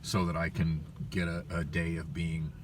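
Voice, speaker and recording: A man's voice: low voice, flat delivery, normal speed, distant mic, background noise. A man vlogging casually from a parked car, rambling with many fillers and restarts. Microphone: phone.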